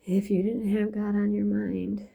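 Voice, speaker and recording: A woman's voice: mid-range voice, flat delivery, a little slow, gravelly, mellow, low-quality recording. A woman talking in a loose, free-associating spiritual monologue, drifting from thought to thought.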